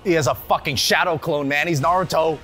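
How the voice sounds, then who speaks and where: A man playing a video game and commentating, who yells, swears and curses at the game a lot. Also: a little high, brisk, over music. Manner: loud excitable yelling and swearing at the game. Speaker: gameplay commentator. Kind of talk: let's play banter.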